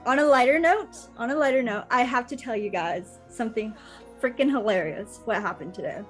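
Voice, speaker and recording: High, lively, giggly woman host. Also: a little fast, soft background music. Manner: giggly, laughs through her stories. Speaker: podcast host. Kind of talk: casual chat and funny storytelling.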